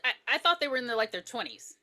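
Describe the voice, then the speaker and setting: A woman co-hosting a podcast, animated and excitable, often cutting in during casual movie-review chat. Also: a little high, fast talker. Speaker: podcast co-host. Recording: audio podcast.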